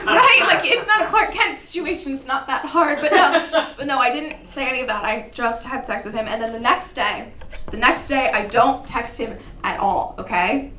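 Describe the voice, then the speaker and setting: Bright-voiced woman doing stand-up. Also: moderate pace, roomy sound, distant mic. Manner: animated storytelling, jumps high when ranting. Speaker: stand-up comedian. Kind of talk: stand-up comedy set. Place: comedy club stage. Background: audience laughter.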